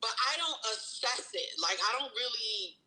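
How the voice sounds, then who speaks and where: A woman in a group session sharing in a relaxed, chatty way. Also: fairly high pitch, moderate pace, low-quality recording. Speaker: group participant. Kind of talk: casual sharing.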